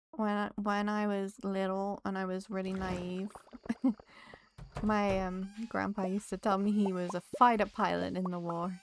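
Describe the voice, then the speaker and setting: A woman's voice: mid-range voice, level tone, slow pace, pauses often, a little hiss or hum. A woman streamer chatting casually with her live viewers while she plays, teasing them back in a playful way and laughing often.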